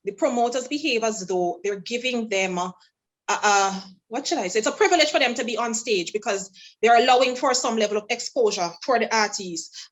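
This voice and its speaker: Woman from St. Vincent and the Grenadines, guest singer, lively storyteller, slightly high voice, acts out dialogue. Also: fairly quick, low-quality recording. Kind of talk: casual interview storytelling.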